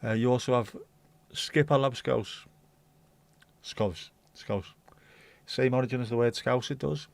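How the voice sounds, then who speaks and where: A livestream host reads viewer comments in a blunt, rambling casual chat, letting slip the odd swear. He speaks at a measured pace with long pauses in a creaky, medium-pitched voice, and there's no echo.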